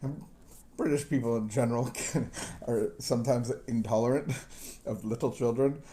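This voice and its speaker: Mellow and medium-pitched, this man's voice moves at a moderate pace with fairly even intonation. As host of a recovery talk show, he tells rambling, self-deprecating stories in a relaxed conversational style, with chuckles and restarts, drawing on his past as a missionary kid raised partly in Southeast Asia.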